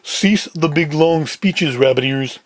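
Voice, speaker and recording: A man voicing a big, menacing male gangster from Chicago, who talks in a slow, terse and demanding way in a cold-read of a script. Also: on the high side, no room sound.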